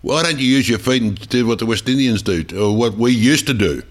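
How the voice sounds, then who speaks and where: A man's voice: medium pitch, expressive, a little fast. An older Australian man giving blunt, rambling opinions as a regular on a talk radio show.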